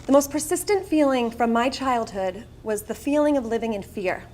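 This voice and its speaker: A woman's voice: on the high side, normal speed, a little mellow, a little hiss or hum. A middle-aged woman with a Long Island accent gives a personal storytelling speech at a charity breakfast, candid and self-mocking with wry asides. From Long Island, New York. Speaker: guest speaker at a charity breakfast. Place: event room, speaking to an audience.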